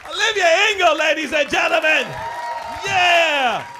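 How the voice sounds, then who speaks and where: A man emceeing at a comedy club, shouting high-energy introductions between acts. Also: lively intonation, unhurried. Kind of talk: hyping up the crowd between acts. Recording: noisy club audio with loud crowd.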